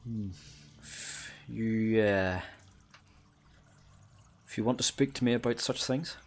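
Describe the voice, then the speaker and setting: A Northern Irish man voicing an ancient male vampire lord, cold and smug, who speaks low, quiet and measured. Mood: hushed. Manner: measured and condescending.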